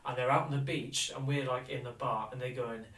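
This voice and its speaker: A man's voice: mid-range voice, steady tone, a little fast, fairly bright tone. A man co-hosting a podcast, telling a rambling story in casual chat, swearing and laughing often. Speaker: podcast co-host. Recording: roomy, distant from the mic, faint noise.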